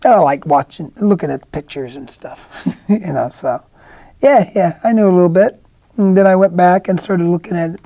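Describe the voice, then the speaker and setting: A middle-aged man with a gravelly, fry-laden voice and a dark, mellow tone tells stories in a casual interview. He rambles and restarts often, slipping into quoted voices. The sound is dry and close. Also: sits high, moderate pace, no room sound. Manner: rambling storyteller, many restarts, acts out quotes. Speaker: actor guest. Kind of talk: casual anecdotal interview talk.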